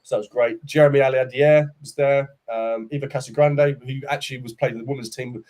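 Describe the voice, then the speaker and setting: A man's voice: mid-range voice, steady tone, a little fast, darkish tone. A man in his forties, a company boss talking candidly as a podcast guest, telling stories in a chatty way with casual slang. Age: 40s. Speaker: startup CEO, podcast guest. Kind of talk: casual interview chat.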